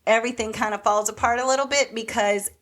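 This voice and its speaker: A woman's voice: a little high, fast. Podcast co-host, woman, casual and chatty, recaps a plot with lots of "like" and "so anyway", acts out the lines. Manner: animated storyteller recapping a TV plot, acting out quoted lines; rambling, with many "like" and "so anyway" fillers. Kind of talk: casual chat.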